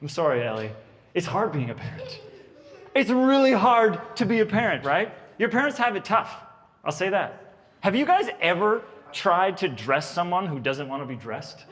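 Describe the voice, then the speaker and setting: A man in his thirties doing stand-up comedy at a birthday party, telling stories about his kids with lively, animated delivery. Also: high voice, normal speed, in a large hall. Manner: animated storytelling, puts on kids' voices.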